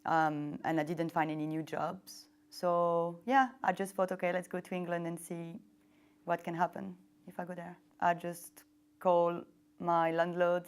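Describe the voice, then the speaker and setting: A young woman speaking on a lapel mic in a seated interview, her voice sitting a little low. She hesitates with frequent ums, words things simply like a non-native speaker, and slips in soft laughs. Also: flat delivery, a little slow, smooth. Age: young adult. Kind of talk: casual interview storytelling. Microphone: wireless lapel mic.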